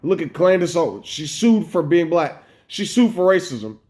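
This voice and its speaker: Male American vlogger, higher-pitched, upset and rambling, profane rant to camera. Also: sing-song, normal speed, darkish tone. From United States. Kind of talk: emotional personal vlog rant.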